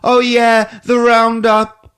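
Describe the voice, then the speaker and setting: A man voicing a young boy of about ten, using a high, squeaky voice. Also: completely flat delivery, slow, fairly bright tone, clear, resonant tone, heavily acted. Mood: curious.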